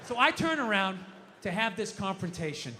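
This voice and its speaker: A male stand-up comedian ranting and swearing, swinging from low muttering to shouting. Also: big pitch swings, normal speed. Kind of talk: stand-up routine. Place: comedy club stage. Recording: noisy stage recording with long reverb.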